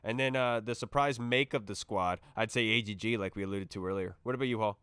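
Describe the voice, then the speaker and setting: A man hosting a casual sports podcast, talking in an excitable, rambling way as he tells stories and reads out fan questions. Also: on the low side, fast, smooth, no room sound.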